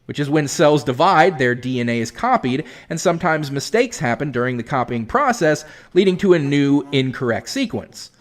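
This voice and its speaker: Male commentary host, exasperated and lecturing, lively pitch. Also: moderate pace, few pauses. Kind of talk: critical commentary on a clip.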